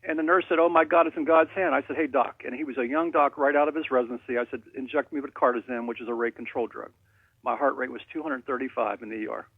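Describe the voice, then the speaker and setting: Rambling caller on a phone line, raspy. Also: male voice, medium pitch, fairly even intonation, fast, dry recording. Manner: rambling storyteller, jokey. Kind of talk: phone-in radio call.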